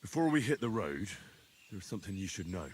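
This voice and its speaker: An actor playing a stubborn, vengeful young commoner hero in a game, earnest and insistent. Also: male voice, on the low side, very animated, fairly quick, a little hiss or hum. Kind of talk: game voice acting.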